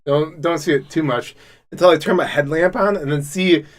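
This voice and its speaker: This podcast co-host has a fairly high voice and speaks at a normal speed in a casual chat. His long, profane story rambles and restarts, growing loud and full of laughter as it heats up.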